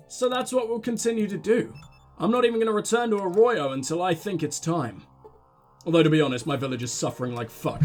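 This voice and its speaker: A man hosting a let's play, commenting excitedly with joking, profane asides. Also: high voice. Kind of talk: gaming commentary.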